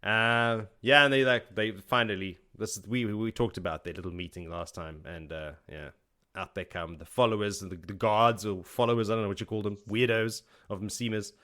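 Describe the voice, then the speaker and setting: Guy with a lowish voice chatting through a book recap, laughs a lot, does little character bits. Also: fairly even intonation, sharp tone. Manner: laughs often, acts out characters' lines in quick paraphrase. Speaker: podcast host. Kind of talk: casual book recap chat.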